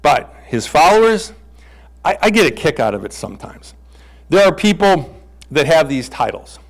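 A man's voice: fairly high pitch, rough recording. A middle-aged male pastor giving a conversational sermon, playfully acting out bible characters in comic voices.

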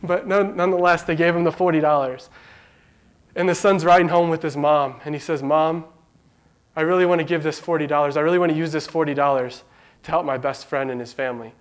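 A man's voice: a little high, fairly even intonation, fairly quick. A young man giving an informal devotional talk, telling a story in a chatty way, full of likes and rights.

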